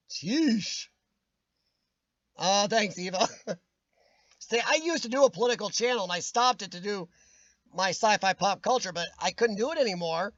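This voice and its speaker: This American live-stream host reads his chat, calling out viewers by name while ranting with strong opinions, though his voice is getting worn. His voice is high and a bit bright, and the recording sounds dry and dull.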